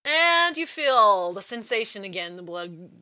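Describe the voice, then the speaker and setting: A woman's voice: mid-range voice, sing-song, unhurried, pushed and bright, clear, resonant tone, lo-fi sound. A woman game master narrating a tabletop game in a hesitant, casual way with frequent ums. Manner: hesitant, many ums, giggly asides.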